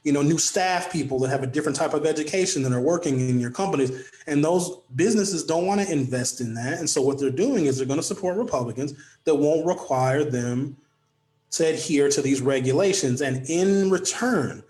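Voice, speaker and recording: A man's voice: fairly high pitch, a little fast, darkish tone, echoey room. A man hosting his own political talk show, delivering an impassioned, preachy monologue with sarcastic asides.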